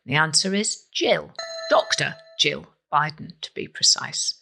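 A woman's voice: low-pitched, unhurried, vocal fry, slight background noise. A woman hosting a quiz podcast, playful and emphatic in a scripted read. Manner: playful, emphatic, lively delivery. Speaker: quiz host.

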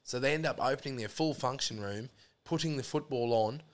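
A man with a mid-range voice and a quick pace appears as a guest on a podcast. Chatting casually, the Australian spins a rambling tale laced with curses and frequent "mate"s.

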